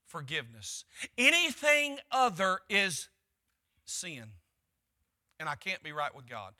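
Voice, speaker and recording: A pastor preaching to his congregation in a high, strikingly bright voice. He presses his points by repeating short phrases and letting his delivery climb. It is a man's voice, steady in sermon cadence. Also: slow pace.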